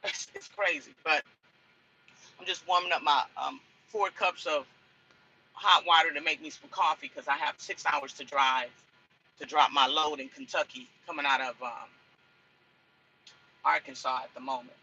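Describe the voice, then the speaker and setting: A woman's voice: low-pitched, steady tone, normal speed, long pauses, bright, forceful tone, slightly rough, muffled recording. A woman truck driver chatting in a casual cooking vlog from inside her truck cab. She rambles and repeats herself as she talks.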